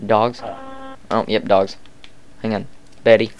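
A man casually commentating a co-op zombie game, chatty and excitable, quick to laugh. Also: fairly low pitch, slight background noise. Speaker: gamer narrating a co-op zombie match.

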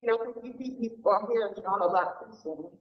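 Emotional lady asking a question in church, halting, roomy echo, dull sound. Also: a little high. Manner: hesitant, searching for words. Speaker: audience member asking a question. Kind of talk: question from the audience. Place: church sanctuary. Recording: echoey, dull church recording.

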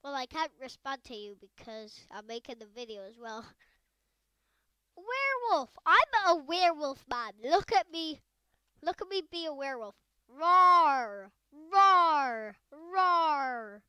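A woman giving casual gameplay commentary on her own video, chatty and excitable, rambling with fillers. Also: high-pitched, moderate pace, no room sound. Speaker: gaming video creator.

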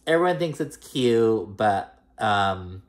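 A man takes his time recapping a reality show episode, his lowish voice rising and falling with lively intonation. He rambles casually, peppering everything with "like" and "girl."

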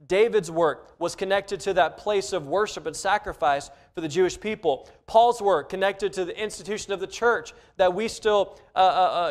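A man preaching a sermon as pastor, earnest, giving quoted lines extra emphasis. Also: sits high. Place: church sanctuary.

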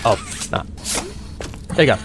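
A man giving live gameplay commentary as a streamer, excitable and panicky, laughing often. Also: a little slow, noisy background. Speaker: game streamer.

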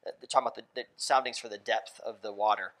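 A man's voice: on the low side, steady tone, quick pace, fairly bright tone. Casual, chatty man preaching a sermon. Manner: casual and conversational, asks the congregation questions and laughs often. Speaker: pastor. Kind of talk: interactive sermon. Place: church sanctuary.

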